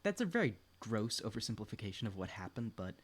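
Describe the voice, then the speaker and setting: A man's voice: lowish voice, sing-song, fast talker. Rambling young man streaming a farming game. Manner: rambling, swears often, laughs between thoughts; talks to a pet and chat while playing. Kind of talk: casual gaming chat.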